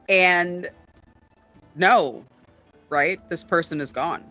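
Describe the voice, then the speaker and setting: A woman's voice: low-pitched, lively intonation, moderate pace, a bit bright, faint music behind. A woman co-hosting a casual chat about tabletop games, with lots of fillers, often checking in with "right?". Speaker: podcast co-host.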